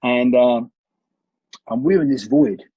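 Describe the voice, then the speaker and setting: A man, a martial arts coach, telling animated stories in a conversational interview, often restarting his sentences. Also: medium pitch, slow, husky, no echo. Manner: animated storyteller with frequent restarts. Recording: dull lo-fi recording.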